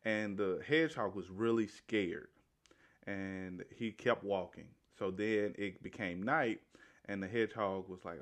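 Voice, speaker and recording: A man's voice: fairly low pitch, unhurried. A man casually retelling a movie's story, rambling along with restarts, self-corrections and "right?" tags.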